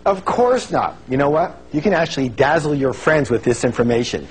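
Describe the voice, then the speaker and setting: High-voiced man leading a seminar. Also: fairly quick, slight background noise, rough recording. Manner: animated, calls on the audience to answer, acts out quoted voices. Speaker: seminar speaker. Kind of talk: motivational seminar talk. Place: large seminar hall with an audience.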